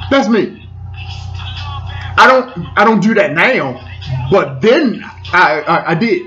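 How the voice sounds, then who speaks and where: A man's voice: high voice, very animated, unhurried, bright, forceful tone. A man in his forties telling a personal story, repeating phrases and stumbling over restarts. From Washington DC area. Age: 40s. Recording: dull lo-fi sound with faint music.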